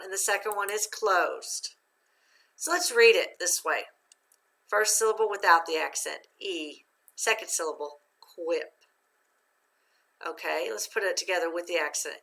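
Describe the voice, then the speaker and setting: Gravelly-voiced woman teaching a phonics lesson. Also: fairly low pitch, sharp tone. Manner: slow, patient, guiding students step by step.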